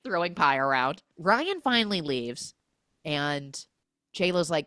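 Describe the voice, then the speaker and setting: Lively bright-voiced woman recapping a movie, lots of "he's like", dry close mic. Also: fairly low pitch, a little slow, no echo. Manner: animated, acts out characters' lines in exaggerated voices; chatty, peppered with "like" and "he's like". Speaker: podcast host.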